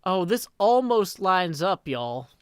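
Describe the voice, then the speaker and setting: A tired man chatting casually on a live game stream, rambling, correcting himself and thinking out loud. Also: sits high, sing-song, slow, smooth, no echo, studio quality. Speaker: Minecraft streamer.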